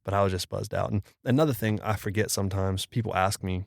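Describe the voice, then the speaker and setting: Gravelly low-voiced man telling a story. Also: fairly even intonation, fast talker, no room sound, clean studio sound. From Florida. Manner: casual, slangy storyteller who acts out quoted speech. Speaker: pastor. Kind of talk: personal storytelling in a podcast interview.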